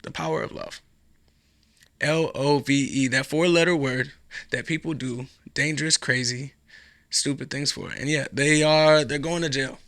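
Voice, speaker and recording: A man's voice: medium pitch, steady tone, a little slow, fairly bright tone, no echo, clean studio sound. A man hosting a podcast alone, talking in a rambling, sarcastic and profane way. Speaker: podcast host. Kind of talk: casual solo commentary.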